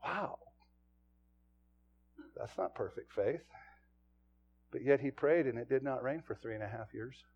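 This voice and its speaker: A man preaching a sermon to his congregation as pastor, swinging from loud exclamations to hushed, low asides. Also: expressive, a little slow, long pauses, husky, highs cut off.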